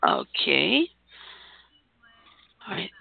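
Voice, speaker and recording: A chatty podcast host runs a word game and calls on the players one by one. The voice is unhurried and gravelly, and its pitch rises and falls in wide swings. It comes through a thin, tinny, phone-like line. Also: huge pitch swings, no room sound. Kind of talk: casual podcast game hosting.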